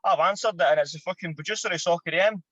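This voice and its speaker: A Scottish man in his thirties, a former footballer and podcast guest, telling an animated, sweary anecdote. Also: high voice, rapid-fire, no room sound, lo-fi sound. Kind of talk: casual storytelling.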